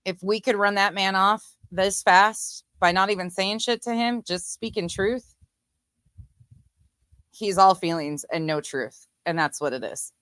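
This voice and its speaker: A woman's voice: medium pitch, a little slow, fairly bright tone, clear, resonant tone, dry recording. A woman commentator reacting to clips in a blunt, sarcastic, profane way. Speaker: commentary streamer. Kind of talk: casual commentary.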